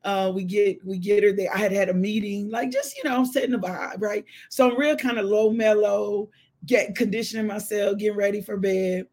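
A woman's voice: mid-range voice, fairly even intonation, normal speed, darkish tone. A woman hosting a morning devotional show, chatting casually and laughing with her live viewers. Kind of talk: casual chat.

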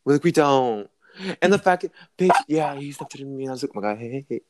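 A teenage boy co-hosting a podcast in casual chat, dramatic and jumping into high squealing impressions. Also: animated, fast, darkish tone, dry recording, studio quality. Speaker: podcast co-host.

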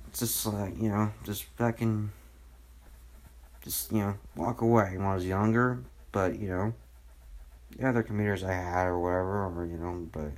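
A young man rambling on his own podcast at home, swearing a lot and filling every pause with "you know" and "like". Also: fairly low pitch, fairly even intonation, darkish tone. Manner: rambling, profane, full of fillers. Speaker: podcast host. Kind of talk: casual solo rant.

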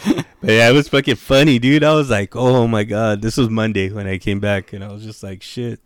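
A man's voice: lowish voice, steady tone, brisk, smooth, no room sound, studio quality. A man telling a story in casual chat, swearing constantly and laughing as he goes. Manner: profane, laughing anecdote teller.

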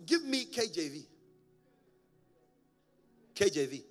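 A man preaching a sermon as a pastor, animated and often laughing at his own stories. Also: on the high side, slow pace, long reverb tail, faint music behind.

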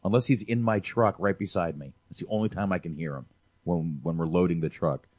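A man's voice: deep voice, fairly quick, no room sound. A man hosting a podcast, rambling and swearing casually while reviewing a movie. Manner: rambling, profane and animated. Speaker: podcast host.

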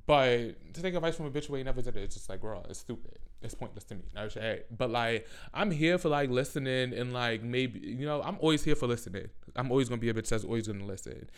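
A man talking fast and loose in a casual rant, sassy and profane. He swings into high, animated asides. His voice comes through smooth and clear, at a middle pitch.

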